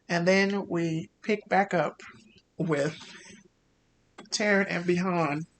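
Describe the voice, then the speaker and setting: A man narrating a tabletop game as game master, casual and halting with many fillers. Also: high voice, fairly even intonation, a bit bright, a little hiss or hum.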